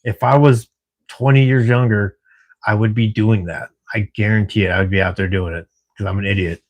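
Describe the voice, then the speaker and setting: A man's voice: lowish voice, steady tone, brisk. A middle-aged man from Washington State chatting casually with viewers on a livestream while at work at night, laughing easily and swearing now and then. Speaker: livestream host. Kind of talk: casual live-stream chat with viewers.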